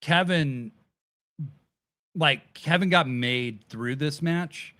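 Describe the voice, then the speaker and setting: Man, casual review chat, slightly high voice, dry close sound, animated, swears casually. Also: drawn-out words, no room sound. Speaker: podcast host.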